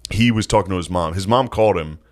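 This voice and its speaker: A man's voice: sits low, fast talker. A young man co-hosting a podcast, telling stories in casual, profane talk and laughing often. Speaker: podcast co-host. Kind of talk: casual chat.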